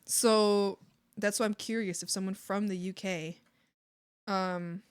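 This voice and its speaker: While drawing on a livestream, a Canadian woman chats and giggles with her viewers, using "like" constantly. She speaks slowly in a steady, mid-range voice, with a little hiss or hum in the audio.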